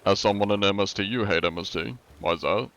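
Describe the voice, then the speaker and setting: A man's voice: fairly low pitch, fast, fairly bright tone, muffled recording. Laid-back American man chatting with viewers. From USA. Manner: laid-back, rambling, many fillers like "like". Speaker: streamer. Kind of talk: casual chat with viewers while gaming.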